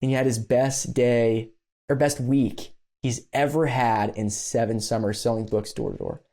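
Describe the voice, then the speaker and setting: A man, a guest on a podcast, telling a story in an animated, self-deprecating way with lots of "um" and "you know.". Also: mid-range voice, moderate pace, gravelly. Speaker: podcast guest, business consultant. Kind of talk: conversational storytelling.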